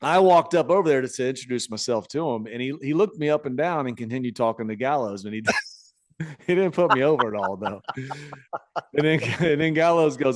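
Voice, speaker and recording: Animated male storytelling podcaster. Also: mid-range voice, fairly quick, no echo, clean studio sound. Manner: animated storyteller, many restarts and laughs. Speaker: podcast co-host. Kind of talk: casual chat.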